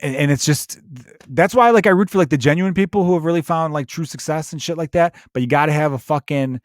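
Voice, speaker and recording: A man's voice: on the high side, quick pace, dry recording. Comedian host, male, foul-mouthed solo rant, bursts of mock voices, dry close sound. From Chicago, USA. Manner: profane, animated ranting with mocking put-on voices.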